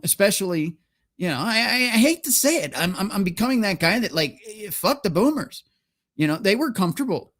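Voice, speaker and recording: Man, solo livestream host, heated profane rant, emphatic, fairly high voice, dry close sound. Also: no echo.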